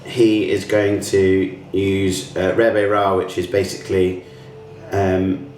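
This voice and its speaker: Game master, hesitant and distant. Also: male voice, deep voice, level tone, slow pace, darkish tone, faint music behind. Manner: hesitant, lots of fillers and restarts. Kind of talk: running a tabletop game. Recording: roomy distant mic with faint room noise.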